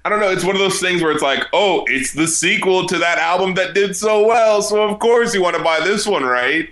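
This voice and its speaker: A man's voice: high voice, fairly quick, a bit bright. A man in a casual podcast chat, laughing often and talking with lots of fillers.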